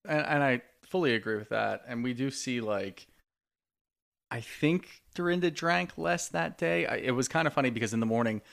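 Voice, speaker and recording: A man with a mid-range, gravelly voice full of vocal fry co-hosts a casual podcast. He talks in a laid-back, wry way and swears freely. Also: medium pitch, animated, moderate pace, a bit bright. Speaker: podcast co-host. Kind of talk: casual chat recapping reality TV.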